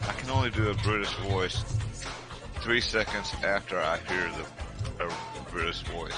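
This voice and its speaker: A man's voice: sits low, normal speed, over loud music. A middle-aged man chatting casually as a co-host, telling stories in a laid-back way and laughing often. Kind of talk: casual chat.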